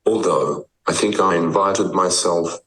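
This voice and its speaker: A low male computer voice from a speech device, talking slowly and evenly. It sounds roomy and set back from the mic, with clicking behind it. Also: a bit bright, distant mic. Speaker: guest. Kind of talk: speaking through a typing speech device.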